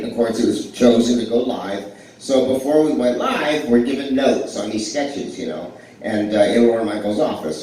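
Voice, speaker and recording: A man's voice: on the low side, dark tone, a little hiss or hum. A man performing live stand-up comedy in a small club, rambling and self-deprecating, with lots of fillers and restarts. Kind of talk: live stand-up with crowd work. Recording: echoey, distant live club recording.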